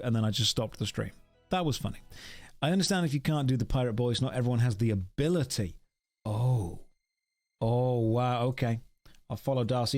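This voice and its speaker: A man from the UK talks to his chat on a live gaming stream in a loose, rambling way, thanking viewers and poking fun at himself. His voice sits at a middling pitch, and he speaks into a desk mic at his home streaming setup. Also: animated, fairly quick, a little mellow, soft background music. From United Kingdom. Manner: chatty, rambling, thanks viewers, wry self-mocking.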